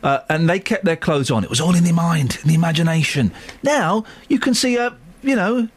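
A man's voice: fairly high pitch, a little fast, slight background noise. Guy hosting radio, voice swoops all over, cracking jokes and mock outrage. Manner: jokey, lively, mock-outraged. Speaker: radio host. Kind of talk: casual radio chat.

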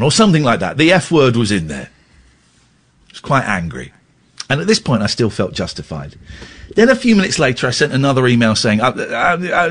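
A middle-aged Englishman hosts a radio phone-in, speaking into a studio microphone. His voice is slightly husky and his pitch rises and falls a lot as he tells a candid, self-deprecating story. He stammers and restarts as he goes. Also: wildly swooping pitch, normal speed. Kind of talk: candid talk-radio monologue.

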